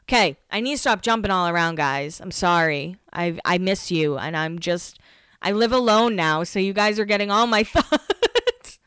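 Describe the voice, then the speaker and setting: A young woman hosting a casual recap at home, gossipy and jumping between topics, acting out quotes in a higher voice. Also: animated, moderate pace, fairly bright tone, clean tone, no room sound, clean studio sound. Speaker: podcast host recapping a reality show. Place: home, alone.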